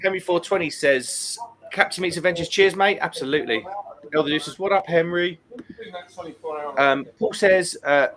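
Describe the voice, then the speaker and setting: A man's voice: on the high side, moderate pace, crowd noise. Chatty man reading stream comments. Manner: reads viewer comments aloud and chats back. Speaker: livestream host. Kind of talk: casual live-stream chat.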